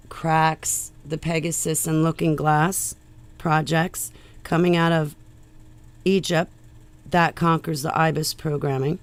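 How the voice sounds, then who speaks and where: A woman vlogger talking loudly in a rambling monologue that jumps from one tangent to the next. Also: sits low, clear, resonant tone. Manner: loud, rambling, jumps between topics.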